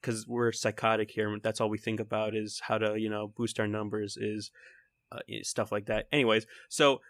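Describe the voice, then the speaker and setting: A young man from Texas with a faint Texan accent, co-hosting a casual podcast in an excitable, rambling way, laughing often and swearing casually. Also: on the low side, moderate pace, dry recording. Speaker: podcast co-host.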